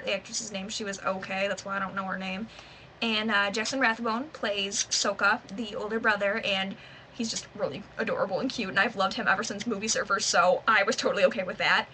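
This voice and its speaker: A woman's voice: medium pitch, sharp tone, slight background noise, rough recording. A woman with a Michigan accent giving a rambling, unedited movie review to camera, full of asides and fillers. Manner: chatty, rambling, lots of "like" and trailing asides. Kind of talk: casual unedited video review.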